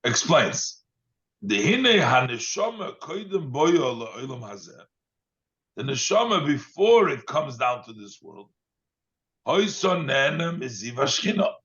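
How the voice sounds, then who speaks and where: A man, a rabbi, giving a text study lesson, reading Hebrew phrases aloud and then explaining them in English with frequent pauses and fillers. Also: medium pitch, big pitch swings, fairly bright tone, highs cut off. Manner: reads Hebrew lines then translates, with fillers.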